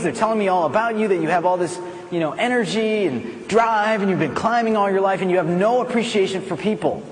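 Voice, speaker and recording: An American man giving a playful, animated storytelling talk at a conference. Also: sits high, big-room sound, slight background noise. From United States. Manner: animated, playful, self-mocking. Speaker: conference speaker. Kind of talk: storytelling speech. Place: conference hall.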